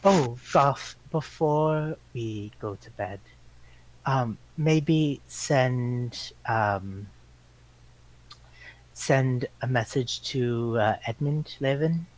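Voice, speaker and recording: Player at a game table, slow and halting, mid-range voice. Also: medium pitch, low-quality recording. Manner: hesitant, pausing with ums. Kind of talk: casual tabletop game chat.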